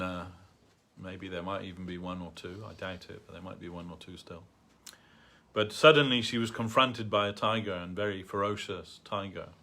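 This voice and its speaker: A man telling a story at a temple gathering in a halting way, with many fillers and restarts. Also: low voice, pushed and bright. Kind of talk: storytelling talk. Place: temple hall.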